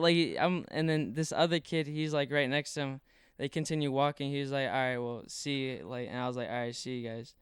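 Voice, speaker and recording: A man's voice: on the high side, clean tone, no echo, studio quality. A young man telling a story in casual talk, rambling with lots of fillers and swearing. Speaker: podcast guest.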